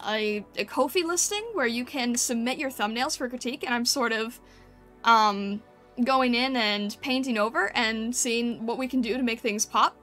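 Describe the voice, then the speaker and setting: A woman's voice: a little high, pushed and bright. A woman streamer chatting casually with her chat and thinking aloud while she paints over and critiques thumbnails.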